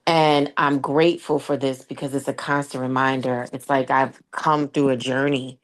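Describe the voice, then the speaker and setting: A woman caller with a morning voice, sharing earnestly and haltingly on a group call. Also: extremely low pitch, flat delivery.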